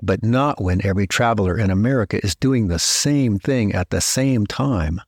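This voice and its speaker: A middle-aged man hosting a podcast, telling stories in a measured, reflective scripted narration that slows down to stress key words. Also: on the low side, slightly rough, no echo, studio quality. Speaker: podcast host.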